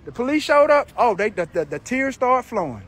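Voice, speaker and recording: A man's voice: extremely high pitch, very animated, fairly quick, fairly bright tone, slight background noise. A man filming a street confrontation on his phone outdoors, talking indignantly and in disbelief, repeating himself. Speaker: person filming a street dispute. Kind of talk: heated street confrontation and vlog commentary. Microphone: handheld phone camera.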